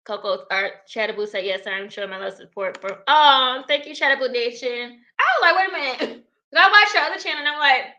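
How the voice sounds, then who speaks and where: A chatty young woman hosts a casual livestream, reading out comments and laughing as she talks. Her voice is bright and sits a little high, and she speaks. She sounds close to a webcam mic. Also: animated, fairly quick. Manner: chatty, laughs often, talks to viewers as y'all. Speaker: livestream host reading chat.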